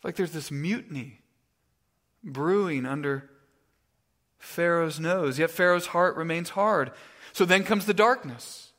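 A man preaching in a loose, conversational way, with a voice that sits somewhat higher than usual. He often trips over his words and repeats himself, and he tells his stories with plenty of energy. His voice rings out through the long reverb of a church hall. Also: a little slow, pauses often. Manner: conversational, stammering restarts, animated storytelling. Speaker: pastor. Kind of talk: sermon. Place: church sanctuary.

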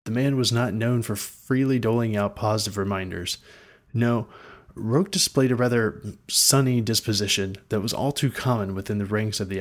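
A man reading a fantasy story aloud in a dry, wry storytelling manner. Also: fairly low pitch. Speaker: narrator. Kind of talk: scripted fantasy narration.

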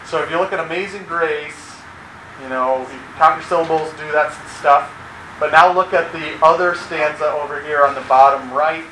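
A man teaching a class in a large room, explaining in a relaxed way with plenty of fillers. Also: on the high side, moderate pace. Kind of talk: classroom lecture. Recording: echoey room with background noise.

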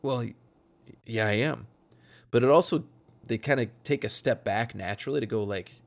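A man's voice: medium pitch, moderate pace, creaky, long pauses. A man in his thirties co-hosting a podcast for church workers, explaining communication tips in an earnest, practical, casual way. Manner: earnest, practical, acts out short sample dialogues. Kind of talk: casual instructional podcast talk.

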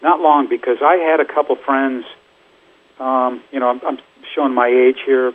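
A man's voice: mid-range voice, steady tone, moderate pace. An older man, a musician guest, telling stories in a rambling, chatty way with lots of fillers. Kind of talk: casual interview storytelling. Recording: phone-like line.

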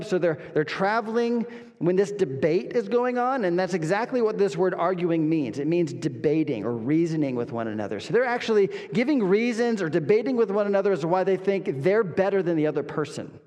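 A man's voice: high voice, expressive, fairly quick, darkish tone. A man preaching an expository sermon as pastor, earnest and emphatic, repeating lines and asking rhetorical questions. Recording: long reverb of a hall.

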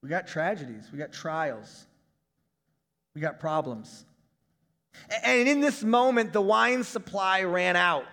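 A male pastor in his thirties preaching a conversational sermon, breaking into shouts now and then. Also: high-pitched, animated, a little slow, pauses often, in a large hall.

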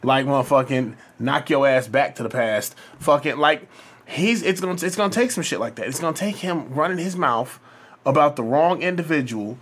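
A man's voice: on the high side, normal speed, a bit bright. A man co-hosting a podcast, ranting heatedly in casual chat with heavy cursing. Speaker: podcast co-host.

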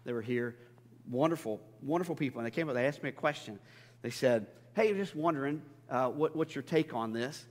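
A man's voice: mid-range voice, lively intonation, brisk. A male pastor preaching a sermon in a church, talking conversationally and building to emphatic peaks. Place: church sanctuary. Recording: long hall reverb.

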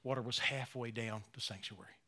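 A man in his sixties preaching a sermon, emotional, dropping to near-whispers and rising to loud, fervent emphasis, slowing on key phrases. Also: medium pitch, steady tone. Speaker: pastor.

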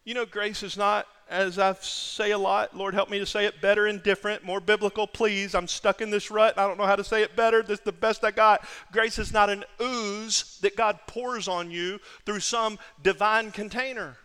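A man's voice: sits high, level tone, normal speed, hardly any pauses, bright, forceful tone, clear, resonant tone, in a large hall. A man preaching a sermon as pastor, emphatic, repeating phrases for stress.

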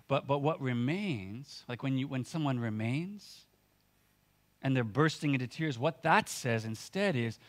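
A man's voice: mid-range voice, animated, a little slow. Earnest man preaching a conversational sermon. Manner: earnest, conversational, with filler words and restarts. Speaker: pastor.

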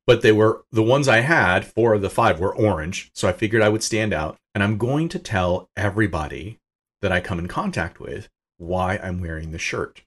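A middle-aged man with a fairly low voice tells a personal story as a podcast guest. He is casual and amused, and his voice leaps upward whenever he acts out what someone said. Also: moderate pace. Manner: animated and self-amused, voice jumping up for quoted lines. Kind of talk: conversational storytelling.

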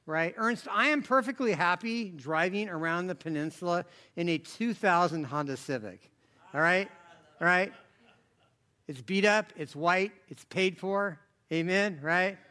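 A man's voice: sits high, a little slow, bright, forceful tone. A man preaching a conversational sermon, rambling through asides and jokes, then rising into emphatic bursts. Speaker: pastor.

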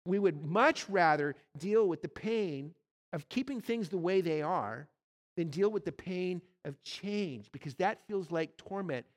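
A man's voice: sits high, lively intonation, a little slow. A man preaching a sermon, telling stories and speaking directly to the congregation. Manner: storytelling, direct address to the congregation. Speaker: pastor.

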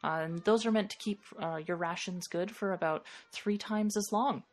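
A woman's voice: mid-range voice, normal speed, natural voice. A woman voicing a chatty shopkeeper. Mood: friendly. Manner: friendly, rambling with fillers.

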